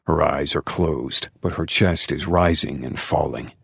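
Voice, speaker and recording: A man narrating a dark romance audiobook in the first person, with intense, emotional delivery and hushed passages. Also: sits low, steady tone, unhurried, vocal fry, hardly any pauses, breathy edge, no echo, clean studio sound.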